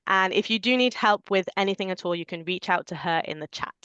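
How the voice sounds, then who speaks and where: A woman moderating an online webinar, giving clear and orderly introductions in a welcoming way. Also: mid-range voice, fast talker, sharp tone, dry recording. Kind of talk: scripted webinar hosting.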